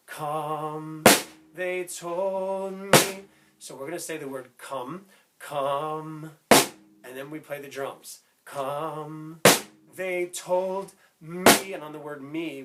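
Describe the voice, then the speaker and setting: A man teaching a step-by-step music lesson who explains slowly, keeps checking in with "right?" and breaks into short sung snippets. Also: a little high. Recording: loud instrument playing behind the voice.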